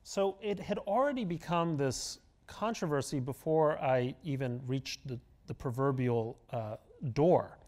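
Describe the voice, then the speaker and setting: A man's voice: mid-range voice, unhurried, hardly any pauses, darkish tone. A middle-aged man, a guest columnist in an onstage interview, talking in an emphatic, argumentative way and telling stories with relish. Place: auditorium stage before an audience.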